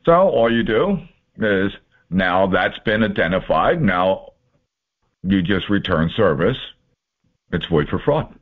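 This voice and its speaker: Guy with a low voice going over court papers, folksy and sarcastic, pitch jumps all over, sounds like a phone line. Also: sing-song, takes it slowly, pauses often. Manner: folksy, marking off items one by one, sarcastic asides. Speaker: presenter explaining court papers. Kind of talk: informal walkthrough of documents. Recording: tinny phone-like audio.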